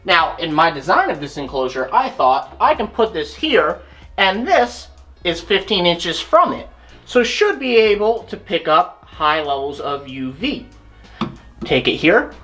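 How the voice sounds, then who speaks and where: A woman's voice: lowish voice, very animated, measured pace, a bit bright. A woman hosting her own channel, casually demonstrating and thinking aloud as she goes, often correcting herself. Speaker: reptile keeper and channel host.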